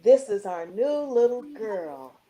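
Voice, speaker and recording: A woman puts on a kindly older bandleader who speaks slowly and softly. He is fatherly and protective toward a new young singer. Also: high voice, big pitch swings, heavily acted. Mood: fond.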